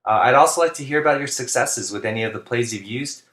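A man, a basketball coach, narrating instructional plays in a flat, deliberate monotone, speaking clearly. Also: mid-range voice, reverberant. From United States. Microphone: home recording for narration.

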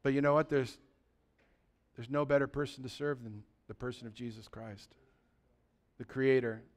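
A man's voice: medium pitch, level tone, normal speed. A male pastor, preaching a conversational sermon and calling out to his congregation. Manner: exhorting, conversational, calls out to congregation.

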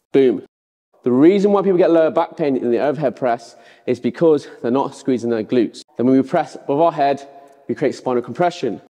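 A man's voice: medium pitch, mellow, long reverb tail. A man coaching the overhead press, giving short firm cues as he demonstrates. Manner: instructive, cue-giving.

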